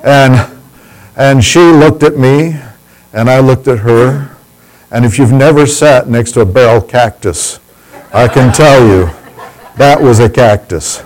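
A man's voice: mid-range voice, slow, a little mellow, low-quality recording. A man telling a personal story in a folksy, humorous, teasing way.

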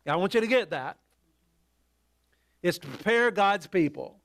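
Male pastor, slightly high voice, talky sermon with restarts and soft asides. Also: expressive, gravelly. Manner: conversational, halting with restarts, drops to quiet asides.

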